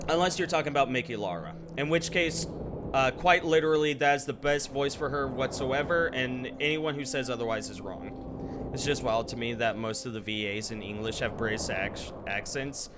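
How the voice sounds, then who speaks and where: A man's voice: mid-range voice, moderate pace, background noise. A man streaming live, chatting casually while gaming and rambling with lots of fillers. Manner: rambling, with frequent ums and likes.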